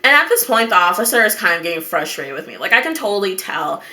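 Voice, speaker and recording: Bright-voiced young woman telling a story. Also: medium pitch, fast talker. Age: young adult. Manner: over-dramatic, animated, swearing. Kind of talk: dramatic storytime monologue.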